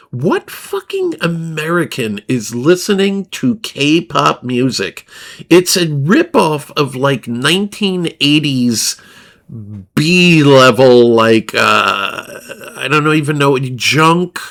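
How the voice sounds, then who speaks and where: Male livestreamer, profane, rambling, unhurried delivery, mid-range voice. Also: medium pitch, sing-song, vocal fry, a bit bright. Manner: profane, rambling, laughs at himself. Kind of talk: crude casual stream chatter.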